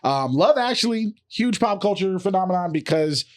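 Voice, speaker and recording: Laughing, swearing man with a slightly high voice. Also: animated, normal speed. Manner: loose, profane, laughs often. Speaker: podcast co-host. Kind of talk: casual comedic chat.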